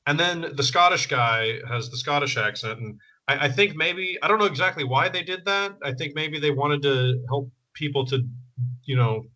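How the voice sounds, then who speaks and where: A man with a bright, forceful voice, talking loosely about a movie he has watched. He rambles and restarts, with plenty of "uh" and "you know" along the way, and laughs easily in a relaxed podcast chat. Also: fairly high pitch, normal speed, low-quality recording. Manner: rambling, many fillers and restarts, laughs often. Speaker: podcast co-host. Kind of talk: casual movie review chat.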